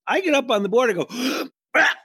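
Middle-aged guy telling a story, lively and self-mocking, dry close mic. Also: very high voice, brisk, husky, dry recording. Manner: animated, swearing, self-mocking, acts out quotes. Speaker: podcast guest telling a story. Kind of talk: casual storytelling chat.

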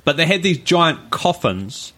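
A man, co-hosting a podcast in casual chat, telling stories in a rambling, animated way. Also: on the high side, unhurried. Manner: rambling storyteller, animated retelling. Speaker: podcast co-host.

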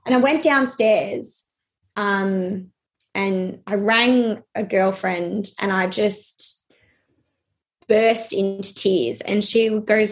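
A young adult woman telling a personal story in a halting way, with many fillers and restarts. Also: mid-range voice.

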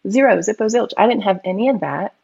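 A middle-aged woman tells a personal story with animated, expressive delivery. Her voice has a gravelly, fry-tinged edge. The audio sounds slightly dull and lo-fi. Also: mid-range voice, fast. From United States. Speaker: guest medium and Reiki practitioner. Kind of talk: casual storytelling conversation.

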